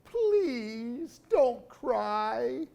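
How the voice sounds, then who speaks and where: A man voicing a kind, gentle young bear in a storybook reading. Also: extremely high pitch, big pitch swings, very slow, creaky, muffled recording, voice pushed up, full character voice. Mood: pleading. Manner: gentle, earnest.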